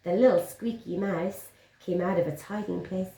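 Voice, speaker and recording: A woman's voice: fairly low pitch, measured pace, warm tone. A woman teaching young children, encouraging and sing-song as she reads a picture book aloud. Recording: roomy echo.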